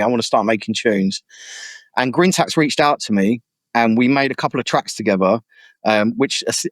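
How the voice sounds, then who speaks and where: A young man, an MC, telling stories casually in an interview and lively acting out the voices of people he quotes. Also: mid-range voice, no echo. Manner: animated, acts out quoted voices. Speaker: MC and guest artist. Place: podcast studio.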